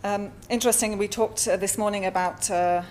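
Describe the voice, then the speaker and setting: Woman giving a measured conference talk. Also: mid-range voice, steady tone, darkish tone, slight background noise. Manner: measured, with frequent fillers and pauses. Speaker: artist presenting at a symposium. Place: lecture hall.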